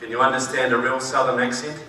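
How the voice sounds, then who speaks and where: A man's voice: medium pitch, little pitch movement, quick pace, background noise. A man from New Zealand with a New Zealand accent giving a conference speech, folksy and joking, then emphatic. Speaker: conference speaker. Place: large conference hall. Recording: echoey hall, voice from far off.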